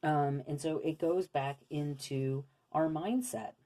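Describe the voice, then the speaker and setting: A young woman with a low-pitched voice talks viewers through a spiritual card reading. She sounds earnest and coaching, and keeps asking rhetorical questions. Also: slow pace, mellow. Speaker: intuitive card reader.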